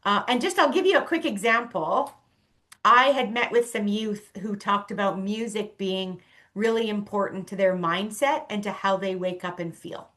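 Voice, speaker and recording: A woman's voice: medium pitch, moderate pace, a bit bright. A woman talking as a podcast guest, earnest and conversational, with many fillers and restarts. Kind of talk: casual conversation.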